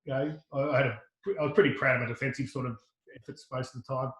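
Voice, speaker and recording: A middle-aged Australian man, a podcast guest, tells a lively anecdote full of restarts and quoted dialogue. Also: mid-range voice, fast, roomy sound, low-quality recording. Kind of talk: casual storytelling.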